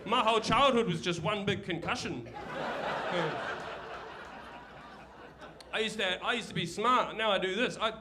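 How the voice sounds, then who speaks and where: On a comedy club stage, a young stand-up comedian with a New Zealand accent delivers a crude, self-deprecating, rambling routine in a high voice at normal speed, pausing long between lines. The live recording is very noisy, filled with audience laughter.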